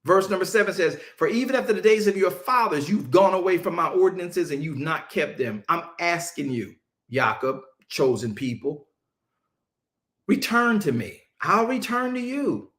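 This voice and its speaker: A male preacher teaching a Bible-study sermon, emphatic and conversational, drawing answers from his listeners and slowing down to stress scripture. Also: high-pitched, animated, fairly bright tone. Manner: casual Southern-leaning vernacular, mocking asides.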